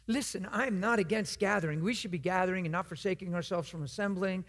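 A man's voice: high-pitched, quick pace, hardly any pauses, a bit bright. A man preaching in a church, telling a story in an earnest, conversational way. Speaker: guest preacher. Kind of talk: storytelling sermon.

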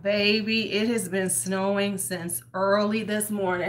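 A woman's voice: mid-range voice, expressive, slow pace, hardly any pauses. A woman hosting a casual beauty livestream from her home, chatting, greeting viewers by name and talking to herself as she works. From United States. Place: home in winter.

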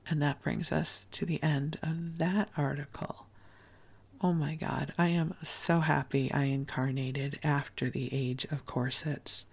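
Soft-spoken woman with gravelly voice. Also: low voice, steady tone, unhurried. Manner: soft, partly whispered, gentle. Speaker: podcast host. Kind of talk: soothing bedtime storytelling.

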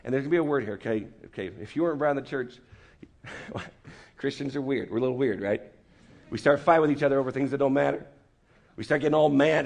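A man preaching a lively, joking sermon to a student meeting, acting out quick voices as he goes. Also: mid-range voice, vocal fry. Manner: animated, joking, acts out voices. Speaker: campus ministry speaker. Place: meeting room with an audience.

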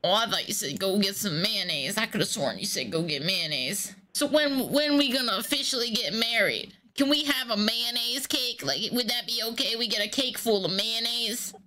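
A goofy woman rambles and breaks into silly shouts as she plays dumb on a prank call. Her voice is bright and sits on the high side. A faint hiss runs underneath. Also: expressive, normal speed, few pauses. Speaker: scambaiter.

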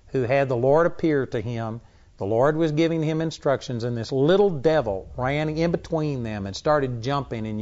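A man's voice: mid-range voice, a little mellow, highs cut off. A man teaching a sermon as a Bible teacher, blunt and emphatic in his delivery.

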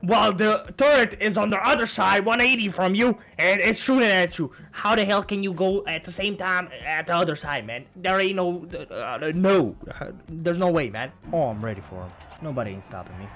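Excitable trash-talking gamer man. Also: sits high, moderate pace, few pauses. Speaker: gaming channel host. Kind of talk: casual gameplay commentary. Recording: game music behind.

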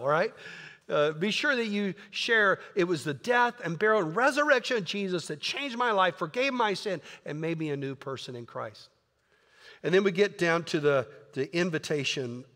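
A man's voice: fairly high pitch, bright, forceful tone, in a large hall. A man pastor preaching a sermon in an earnest, conversational way, often repeating words. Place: church sanctuary.

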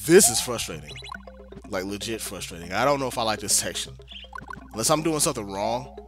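Game music plays behind a young man whose lowish, expressive voice moves fairly quickly as he casually narrates his gameplay. A talkative let's-play gamer, he mutters exasperatedly to himself in a playful drawl.

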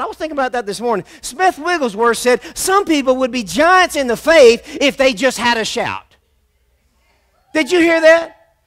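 A man's voice: very high voice, a bit bright. A man preaching a sermon as pastor in a church, emphatic and repetitive, calling on the congregation to answer back.

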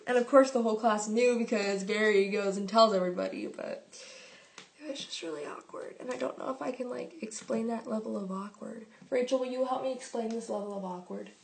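Teen girl rambling thru a story on her vlog, lots of likes and ums, giggly, kinda high voice. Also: a little fast, gravelly. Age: teens. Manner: chatty, filler-heavy, giggly. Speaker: vlogger.

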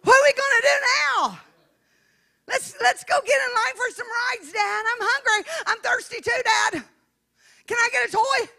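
A woman's voice: very high-pitched, moderate pace, vocal fry, pushed and bright, pitched above the performer's own voice, full character voice. A woman putting on a pleading little girl. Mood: excited. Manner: whiny, begging, breathless questions. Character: eager little girl pleading with her dad.

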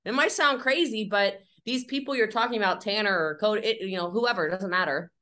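A woman entrepreneur talking about sales in an interview, in an energetic, chatty and emphatic way, full of "like" and "okay" and little acted-out scenes. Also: medium pitch, a little fast. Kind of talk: candid interview conversation.

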